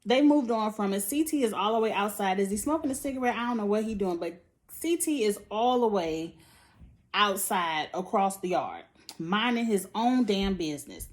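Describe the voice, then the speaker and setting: A woman's voice: mid-range voice, lively intonation, moderate pace. A woman giving a casual, blunt recap of a reality TV episode. She speaks with sass, cusses and laughs often. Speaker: reality TV reviewer. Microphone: phone or tablet setup.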